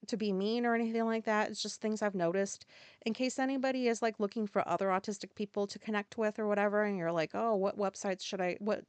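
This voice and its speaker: A woman's voice: medium pitch, clean tone, no room sound. A woman hosting a solo podcast monologue, rambling casually with lots of filler words and blunt, profane asides. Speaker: podcast host.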